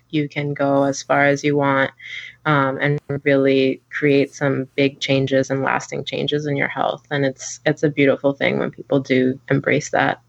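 Low woman, earnest healer guest, dry dull mic; halting, laughs easily. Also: no room sound. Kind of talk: casual interview chat.

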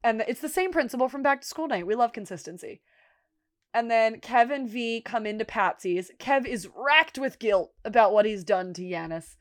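Higher-pitched woman retelling scenes animatedly. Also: moderate pace. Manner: animated storyteller, acts out lines with laughs. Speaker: podcast co-host. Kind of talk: casual podcast chat, retelling scenes.

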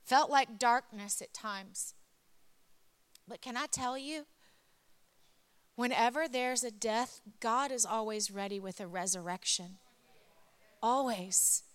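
A woman's voice: a little high, takes it slowly, pauses often, smooth. A middle-aged woman giving an emotional sermon testimony, storytelling that builds to impassioned emphasis.

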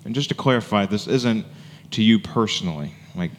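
A man's voice: fairly low pitch, moderate pace, slight background noise. Conversational man preaching in a reverberant hall. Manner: conversational preaching, frequent "right?" asides. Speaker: pastor. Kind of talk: sermon. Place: church sanctuary.

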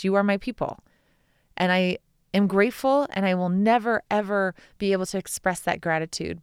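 A woman's voice: medium pitch, smooth, no echo, clean studio sound. A woman in her thirties hosting a solo podcast, talking in an enthusiastic, heartfelt, rambling way. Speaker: podcast host. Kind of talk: casual solo podcast talk.

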